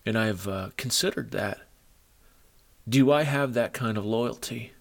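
A man's voice: on the low side, measured pace. A middle-aged man preaching a sermon to men, earnest and moved, retelling stories with feeling. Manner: emotional, earnest storytelling.

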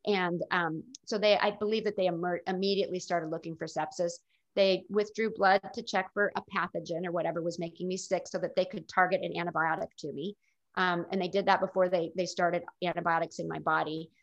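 A woman's voice: fairly low pitch, steady tone, fairly quick. A middle-aged woman telling her own story in an interview, in a candid and reflective way. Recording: dull lo-fi recording.

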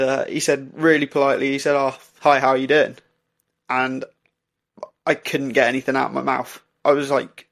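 A man, a podcast co-host, telling a story in casual chat, halting with many fillers and restarts. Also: medium pitch, a bit bright. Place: indoor recording for podcast.

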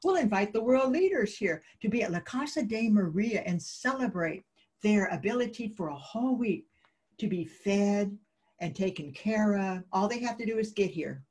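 A woman guest in an interview, telling lively anecdotes and acting out the dialogue of the people in them. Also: medium pitch, moderate pace, slightly rough. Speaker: guest, peace advocate. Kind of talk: interview storytelling.

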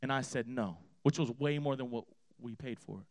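A man's voice: mid-range voice, brisk, no room sound. Emphatic preaching man, dry sound. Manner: emphatic preaching, swinging from hushed to loud, repeating phrases with "right?". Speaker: pastor. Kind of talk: sermon with a personal story.

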